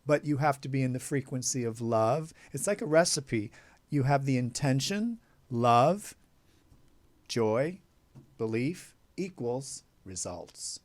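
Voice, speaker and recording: A man hosting an interview, backing up his guest with quick affirmations and talking about his own beliefs. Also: mid-range voice, lively intonation. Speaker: interview host. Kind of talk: casual interview chat.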